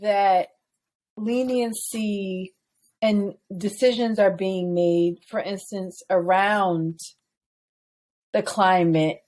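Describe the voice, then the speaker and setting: A woman co-hosting a casual podcast chat, teasing her partner and turning halting when she gets serious. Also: mid-range voice, steady tone, a little mellow. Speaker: podcast co-host.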